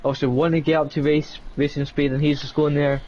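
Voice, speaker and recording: A man co-commentating a sim race in a loose, halting way, full of likes and uhs. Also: fairly high pitch, flat delivery, a little mellow. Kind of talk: live esports race commentary. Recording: dull lo-fi mic with faint noise.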